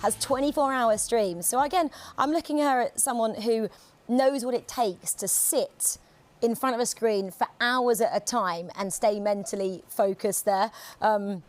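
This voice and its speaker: A woman presenting on a live esports broadcast, sharing player stories in a chatty, animated way. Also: a little high, unhurried, faint music behind. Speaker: pitside reporter.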